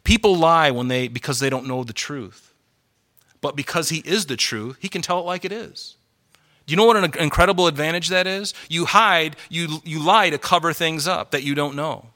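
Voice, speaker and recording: A man's voice: fairly high pitch, moderate pace, bright, forceful tone. A male pastor delivering a sermon to a congregation, conversational and worked up, driving his points home with emphatic repetition. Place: church hall with congregation.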